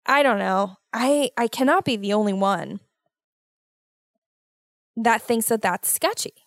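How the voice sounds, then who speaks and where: A woman hosting a casual solo podcast, talking in an animated, worried, motherly way and exaggerating her fears. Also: on the high side, takes it slowly, pauses often, no room sound, clean studio sound. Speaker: podcast host.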